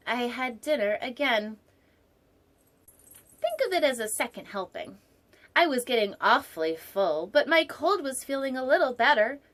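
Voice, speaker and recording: A woman with a slightly high voice reads a picture book aloud as a storytime host. She keeps stopping to riff on the pictures with playful, rambling jokes, and slips into quiet whispered asides.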